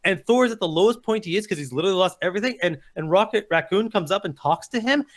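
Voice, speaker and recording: A man with a high voice pours out a heated, swearing rant in a casual podcast debate. He rattles his points off at a quick clip, insistent and fired up. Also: lively intonation. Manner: impassioned, profane ranting. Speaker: podcast co-host.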